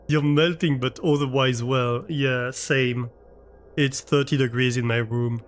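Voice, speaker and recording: A man's voice: mid-range voice, fairly even intonation, unhurried, soft background music. A man live-streaming a game from his room, chatting casually with viewers and thinking aloud as he plays. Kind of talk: casual chat while playing a game. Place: his own room at home.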